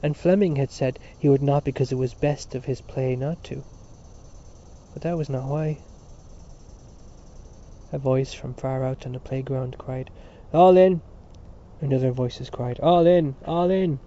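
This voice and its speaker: Man reading a novel, dark lo-fi sound. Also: medium pitch, fairly even intonation, measured pace, pauses often. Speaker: audiobook reader. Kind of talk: scripted narration.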